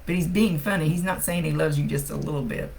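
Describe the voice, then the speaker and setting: A woman's voice: low-pitched, fast talker, vocal fry, a little mellow, a little hiss or hum, poor audio. A woman working as a psychic medium, giving a casual live-streamed reading. She talks bluntly, thinks aloud and swears freely.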